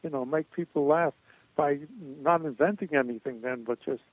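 Over a tinny, phone-like line with no room sound, an older male guest rambles through stories in an interview, chuckling occasionally. He speaks at normal speed in a mid-range voice.

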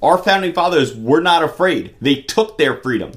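A man's voice: on the high side, lively intonation, moderate pace, a bit bright. A man co-hosting a political talk podcast, speaking bluntly and heatedly with strong emphasis. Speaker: podcast co-host.

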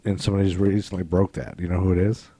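A man's voice: low voice, flat delivery, rapid-fire, dark tone, breathy edge, no echo. A man co-hosting a podcast in casual banter, goofy and teasing, often laughing. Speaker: podcast co-host.

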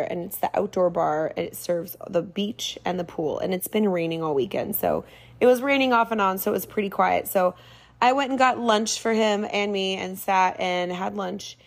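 A woman in her forties tells a story to camera in a casual, animated way. Her voice has a gravelly, creaky edge at a middle pitch. She sounds exasperated as she acts out the lines she quotes. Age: 40s. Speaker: vlogger.

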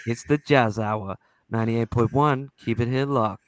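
A man voicing a smooth, crooning late-night jazz radio DJ. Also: a little hiss or hum, lightly acted. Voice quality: low, slow, crooning.

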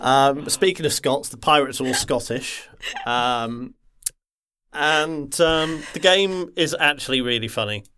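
A man from the Wirral in England, chatting casually about a game on a podcast and rambling with lots of pauses and filler sounds. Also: medium pitch, bright, forceful tone, clear, resonant tone. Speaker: podcast co-host.

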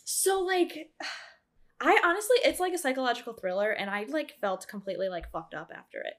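A young woman co-hosting a casual chat, talking fast and loose with lots of "like" and lively rises in her voice. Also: a little high. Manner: chatty, heavy use of "like", animated rises. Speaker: podcast co-host.

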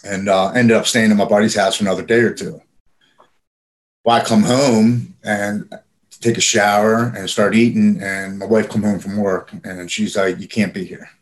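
A man's voice: fairly low pitch, flat delivery, moderate pace. A man casually telling a personal story in plain, profane speech with frequent fillers. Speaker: guest telling his recovery story.

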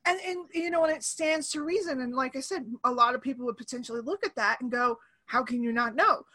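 Woman host, 30s, high bright voice, lively chat on a call. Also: fast talker. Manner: animated, acts out quoted voices. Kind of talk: casual conversation. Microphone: remote call.

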